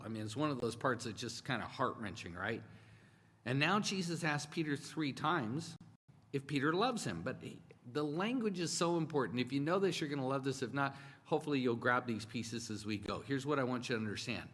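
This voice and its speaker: A man's voice: medium pitch, animated, a little fast, fairly bright tone. A man preaching a sermon in an earnest, conversational way, stretching out the words he wants to stress. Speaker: pastor. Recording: long hall reverb.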